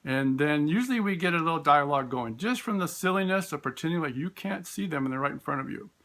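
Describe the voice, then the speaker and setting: A man, a special education teacher, telling classroom stories in a relaxed, storytelling way. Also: on the high side, fast talker. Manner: warm storytelling, acts out voices in quotes; frequent fillers and restarts. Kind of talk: informal talk with classroom stories.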